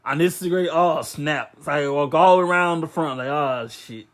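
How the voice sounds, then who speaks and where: Stammering man, fairly high voice. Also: normal speed. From Louisiana. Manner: stammering restarts, relaxed, many listening noises. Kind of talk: casual storytelling chat.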